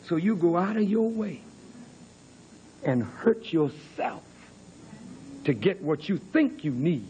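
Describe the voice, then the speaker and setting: A man's voice: a little high, very animated, slow pace, pauses often, warm tone, slight background noise. A man in his fifties preaching a sermon in a church hall, dramatic, with mocking sing-song asides. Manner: dramatic preaching, mock-crooning quoted lovers. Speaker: minister.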